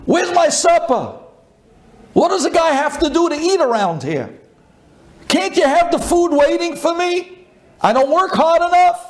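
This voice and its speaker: A man acting out an angry, short-tempered husband who shouts his complaints. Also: very high voice, expressive, a little slow, pitched above the performer's own voice. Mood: irate.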